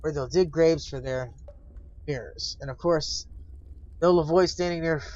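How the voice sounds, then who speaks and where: A weary, guarded old lighthouse keeper who has lost his sight, as a man puts him on. He talks in a halting, solemn way, a little higher than most men. The sound is dull and lo-fi, like stream audio. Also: darkish tone, natural voice.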